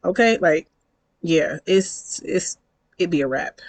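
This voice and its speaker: A woman's voice: on the low side, animated, takes it slowly, no room sound, low-quality recording. Chatty woman in her thirties telling a story. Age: 30s. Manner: chatty, slangy, reenacts dialogue, laughs often. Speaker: vlogger. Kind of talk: casual storytime vlog.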